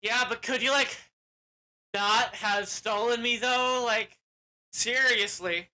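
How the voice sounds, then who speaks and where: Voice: mid-range voice, slow pace, sharp tone, voice pushed up. A reviewer voicing a flustered young male wizard in a whiny, protesting tone during a cartoon recap.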